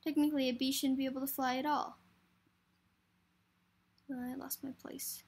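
A woman's voice: sits high, flat delivery, normal speed, a little mellow, a little hiss or hum. A woman reading a film script aloud for a variety show, hurrying through with stumbles and restarts.

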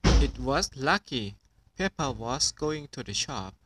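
A man's voice: medium pitch, lively intonation, slow pace, background noise. A man reading a storybook aloud and voicing a grateful mother sheep.

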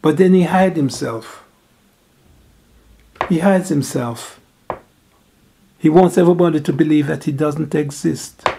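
Slow, gravelly-voiced male preacher. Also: warm tone, a little hiss or hum. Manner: slow, halting delivery, rising in pitch and force when stressing a point. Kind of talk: sermon.

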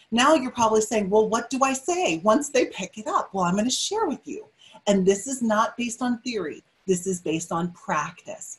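A middle-aged woman speaks at a steady, middle pitch, giving a motivational webinar talk. She sounds energetic and emphatic and comes back to her key phrases again and again. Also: low-quality recording.

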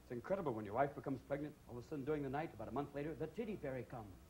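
A man's voice: medium pitch, expressive, rapid-fire, darkish tone, slight background noise. A man doing a manic stand-up routine on a comedy club stage, jumping between voices.

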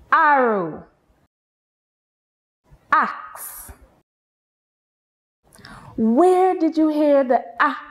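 Slow, sing-song Guyanese woman teaching. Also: fairly high pitch, fairly bright tone. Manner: patient, sing-song, drawn-out teacher talk with exaggerated rises. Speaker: nursery teacher. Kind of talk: slow, deliberate children's lesson.

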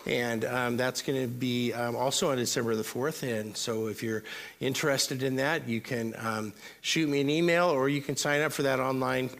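A man's voice: mid-range voice, fairly even intonation, normal speed, gravelly, fairly bright tone. A male pastor giving a sermon to his congregation, chatty and joking with asides to the crowd. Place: church service before a congregation.

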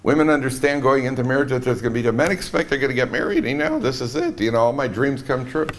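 A middle-aged man giving a humorous Torah lecture on marriage, telling stories and swinging between soft asides and emphatic peaks. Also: mid-range voice, big pitch swings, fast, a little hiss or hum. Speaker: rabbi lecturer.

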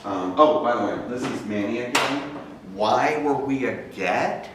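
A man's voice: medium pitch, measured pace. A man giving a talk to an audience, telling his story in a casual, conversational way and acting out the voices of people he quotes. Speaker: guest speaker. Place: large campus lecture room. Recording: very echoey room, speaker far from mic, faint noise.

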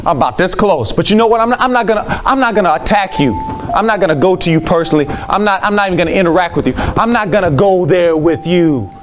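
A man giving a lively talk to teachers, telling classroom stories and leading call and response. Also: high voice, quick pace, slight background noise. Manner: lively storytelling with call and response, acts out students. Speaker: teacher speaking to educators.

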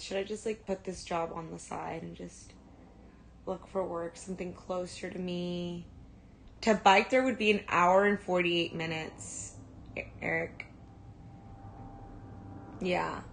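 A woman's voice: lowish voice, gravelly, a little hiss or hum. A young woman casually chatting on a livestream, reading and answering viewer comments and swearing now and then. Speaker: livestream host.

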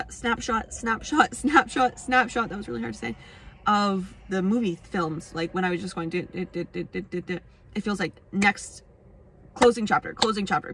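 A woman's voice: mid-range voice, a bit bright, a little hiss or hum. Rambling, self-mocking woman astrology vlogger. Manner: rambling, self-mocking, laughs often, swears casually. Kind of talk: casual astrology talk to camera.

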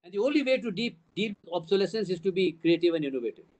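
Rapid-fire and darkish in tone, this older man's voice sits high and swings widely in pitch, carrying an Indian English accent. He leads a school trust and speaks emphatically at a parents' town hall, using repeated phrases and rhetorical questions to build his case.

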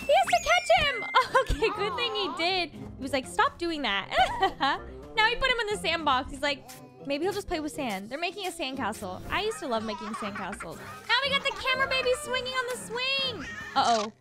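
A woman's voice: very high-pitched, very animated, brisk. A woman hosting a reaction video, gasping, laughing and exclaiming as she comments. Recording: loud music over the voice.

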